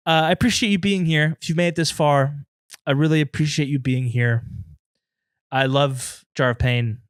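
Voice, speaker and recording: A man's voice: on the high side, steady tone, normal speed, smooth, dry recording, studio quality. A man hosting a comedy podcast alone in his apartment, rambling and self-deprecating, turning emotional now and then. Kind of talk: improvised comedy podcast monologue.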